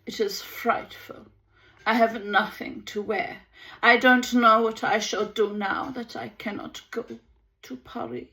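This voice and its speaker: A woman's voice: a little high, steady tone, unhurried, bright, forceful tone. A woman reading aloud and voicing a glamorous, theatrical aristocratic baroness with a faint German accent and a dramatic, gushing manner. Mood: lamenting.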